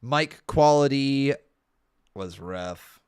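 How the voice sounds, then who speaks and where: A young man from Canada talks through a casual live stream at an ordinary pitch. He exclaims and laughs often and sounds nostalgic, reacting loudly to what he watches. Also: lively intonation, very slow, clean tone.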